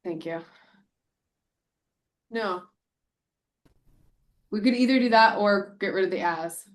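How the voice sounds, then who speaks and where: A woman chairing a town committee meeting, informal and brisk, thinking aloud as she edits a document. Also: mid-range voice. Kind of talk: casual meeting talk.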